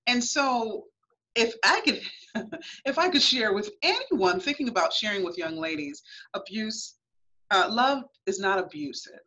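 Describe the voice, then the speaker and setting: A woman's voice: medium pitch, animated, a little slow, pushed and bright. A woman guest on a radio talk show, telling her own story in an earnest, emphatic way. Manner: earnest, emphatic, reenacts her past thoughts. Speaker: guest author. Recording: lo-fi radio audio.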